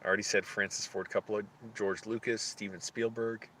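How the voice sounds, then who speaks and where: Male streamer, lowish voice, rambling and halting, faint noise underneath. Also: flat delivery, bright, forceful tone. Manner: thinking aloud, halting and searching for names. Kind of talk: casual live-stream chat.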